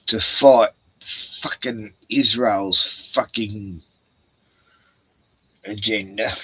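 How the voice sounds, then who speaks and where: A man's voice: lowish voice, pushed and bright, breathy edge, rough recording. An Australian man hosting a rambling livestream, ranting with heavy profanity and reading viewer comments aloud. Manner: drawn-out filler sounds and restarts. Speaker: livestream host. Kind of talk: rambling solo livestream chat.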